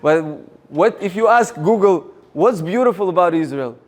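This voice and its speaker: High-voiced energetic seminar speaker, a man. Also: moderate pace. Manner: energetic, rallies the audience with questions. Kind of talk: motivational seminar talk.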